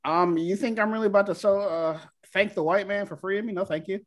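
A man's voice: high-pitched, steady tone, brisk. A man in a casual podcast chat, talking bluntly and crudely with plenty of swearing.

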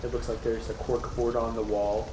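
Male game master, mid-pitched, loose narration, echoey room recording. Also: normal speed, background noise. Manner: relaxed, describing scenes with many fillers.

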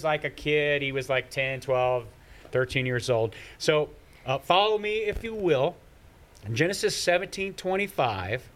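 A man's voice: mid-range voice, a bit bright. Male Bible study leader, conversational teacher, reads scripture aloud, mid-range voice.

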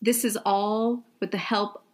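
A woman's voice: mid-range voice, little pitch movement, measured pace. A young adult woman co-hosting a podcast, chatting casually with many "like" and "um" fillers. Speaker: podcast co-host.

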